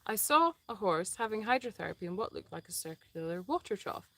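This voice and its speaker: A woman's voice: mid-range voice, lively intonation, fairly quick, a bit bright, a little hiss or hum. A woman co-hosting a casual live stream from an animal sanctuary. She talks in a chatty, hesitant way with many "um"s and breaks off to talk to the dogs. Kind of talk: casual live-stream chat, reading viewer comments.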